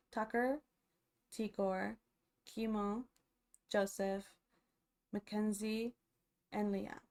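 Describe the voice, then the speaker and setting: A woman's voice: medium pitch, darkish tone. A young woman casually recapping a reality TV episode, chatty and full of fillers and restarts.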